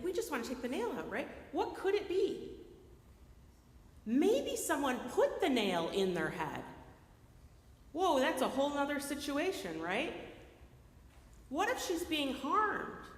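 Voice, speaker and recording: A woman preaching a sermon in a lively, conversational way, often checking in with her listeners by asking "right?". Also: high voice. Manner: animated, keeps checking in with the audience by asking "right?". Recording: echoey hall with long reverb.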